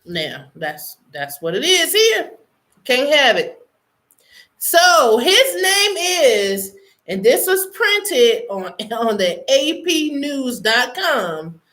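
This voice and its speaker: A woman's voice: high voice, big pitch swings, a bit bright. A woman from the United States, hosting her own online show and chatting casually about news, playful and laughing, drawing her words out for effect. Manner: playful, laughing, drawn-out dramatic delivery.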